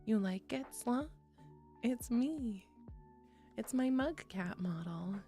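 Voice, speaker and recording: A woman's voice: on the high side, lively intonation, takes it slowly, dark tone. A young woman streaming, chatting casually with her viewers, swearing freely, laughing often and reading chat aloud. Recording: faint music behind.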